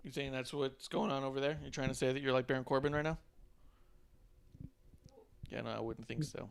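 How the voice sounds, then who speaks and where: A man co-hosting a casual podcast, animated and swearing freely, often acting out what other people said. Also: mid-range voice, a little fast, vocal fry, a little hiss or hum. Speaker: podcast co-host. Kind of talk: casual chat.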